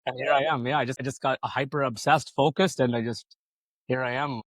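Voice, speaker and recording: A man's voice: mid-range voice, fairly even intonation, brisk, no echo. A man telling his business story as a podcast guest, rambling casually, swearing freely and acting out other people's lines. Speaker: podcast guest, solar company founder.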